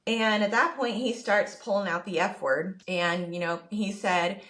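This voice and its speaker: A woman podcast co-host telling a personal story in casual chat, animated and quick to quote what everyone said. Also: mid-range voice. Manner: animated, quotes people in her story, rushes when upset.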